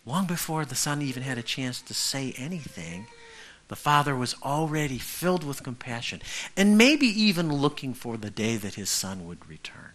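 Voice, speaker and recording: A man's voice: medium pitch, fairly bright tone. A male pastor preaching a conversational sermon who keeps checking in with the congregation.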